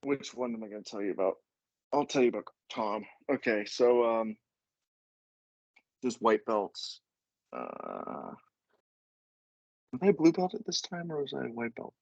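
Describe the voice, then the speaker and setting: A man's voice: medium pitch, sing-song, a little slow, gravelly, pauses often, darkish tone, dry recording, highs cut off. A man, a podcast guest, telling a rambling, profane story in casual chat and laughing as he goes.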